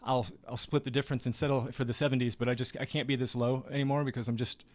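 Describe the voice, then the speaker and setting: A man's voice: mid-range voice, little pitch movement, quick pace, no room sound. A man co-hosting a casual live-stream chat, with dry, joking remarks. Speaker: co-host.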